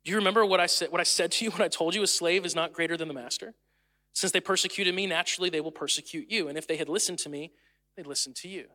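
A male pastor preaching a sermon in a church, building to loud, emphatic peaks. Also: a little high, fast. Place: church sanctuary. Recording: church hall reverb.

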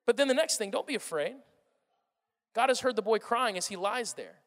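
Pastor, male, high voice, lively sermon that swings from loud to hushed, big echoing hall. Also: moderate pace. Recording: long reverb of a large hall.

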